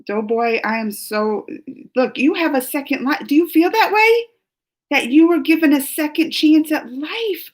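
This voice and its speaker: High-pitched and expressive, a woman speaks a little slowly while reading live chat on her reaction stream. She's a married adult with a family, and the casual chat with her viewers is emotional and teary, with laughing mixed in among her worries.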